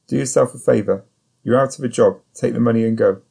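A man voicing a calm, ruthless male assassin who haggles in clipped, level phrases. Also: medium pitch, quick pace, vocal fry, breathy edge. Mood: cool bargaining. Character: cold ruthless male assassin posing as a mechanic.

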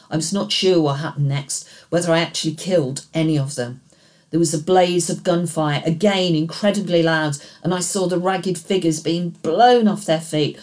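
Low-voiced woman narrating a thriller. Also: a little mellow. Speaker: audiobook narrator. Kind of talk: scripted first-person narration.

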